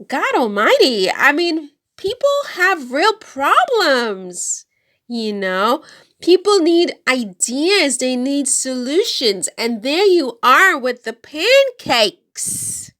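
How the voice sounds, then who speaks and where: A woman giving a rambling, exasperated commentary, full of fillers and restarts, dropping her voice low when telling a story. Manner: drops to a hushed near-whisper when storytelling. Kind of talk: casual commentary monologue.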